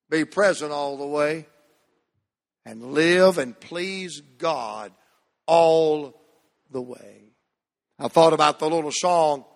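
High-voiced emphatic preacher man. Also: creaky. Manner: emphatic preaching with drawn-out, dropping phrase ends. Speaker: pastor. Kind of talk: sermon. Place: church sanctuary. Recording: long hall reverb.

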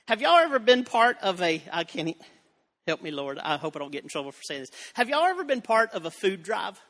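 A man's voice: sits high, big pitch swings, a little fast, fairly bright tone, big-room sound. A man preaching a sermon, reading scripture and telling folksy, joking asides to his congregation. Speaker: pastor.

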